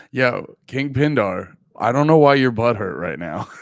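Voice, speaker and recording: A man's voice: mid-range voice, vocal fry, dry recording, clean studio sound. A man streaming live, chatting casually and brashly teasing his viewers, swearing often. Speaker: livestreamer. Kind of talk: casual livestream chat. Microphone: close desk mic.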